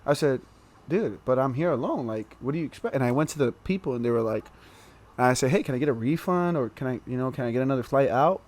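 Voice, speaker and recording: A young man telling a story as a podcast guest in a casual, animated way, laughing through the funny parts. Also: medium pitch, fast talker.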